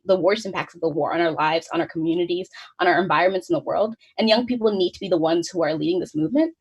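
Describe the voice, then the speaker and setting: A woman's voice: on the low side, a little mellow, slightly rough, low-quality recording. A young woman in her twenties from the United States, a student organizer giving an earnest prepared speech on a webinar. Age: 20s. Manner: fast, earnest delivery read from notes.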